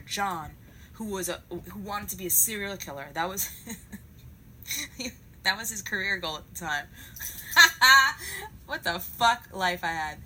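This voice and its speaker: A woman telling a comic story in a profane, animated way, acting out each part. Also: fairly low pitch, a little hiss or hum, rough recording.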